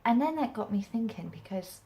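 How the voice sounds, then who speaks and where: A woman's voice: on the high side, lively intonation, brisk, warm tone. A young English woman with a mixed regional accent, chatting casually to camera about acting, rambling with restarts. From England. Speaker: acting vlogger.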